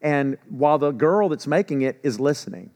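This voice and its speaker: Male pastor, slightly high voice, animated sermon with sarcastic asides. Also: moderate pace. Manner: animated preaching, drops to quiet asides when telling stories; sarcastic humor.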